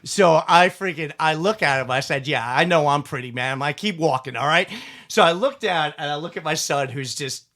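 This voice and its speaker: Guy with a high bright voice ranting a funny story on a podcast, swears a lot, laughs a ton. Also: normal speed. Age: adult parent. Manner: profane, laughing, animated storytelling. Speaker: podcast host. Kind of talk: casual storytelling chat.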